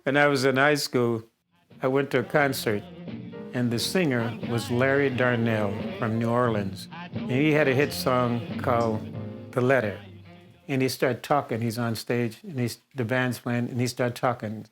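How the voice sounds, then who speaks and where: A man's voice: mid-range voice, fairly even intonation, normal speed, soft background music. An older man from the Detroit area, a singer being interviewed, telling anecdotes with frequent chuckles. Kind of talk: storytelling interview.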